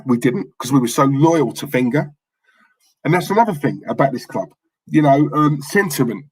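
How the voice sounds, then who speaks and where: A man's voice: on the high side, husky, rough recording. A passionate man, co-hosting a live fan stream and ranting from the heart. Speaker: fan channel co-host.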